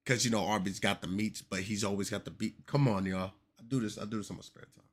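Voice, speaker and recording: A young man hosting a casual commentary podcast, animated and joking with exaggerated reactions. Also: on the low side, fast talker. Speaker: podcast host.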